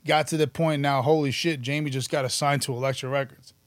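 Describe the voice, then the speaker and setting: A man, telling stories about his past in an animated, profane, casual interview. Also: medium pitch, brisk, no room sound. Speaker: podcast guest, musician and actor.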